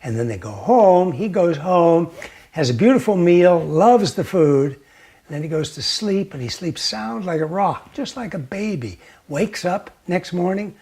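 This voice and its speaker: A man giving a gentle teaching talk, telling a story slowly and sometimes dropping to a near whisper. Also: sits high, animated, breathy edge. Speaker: meditation teacher.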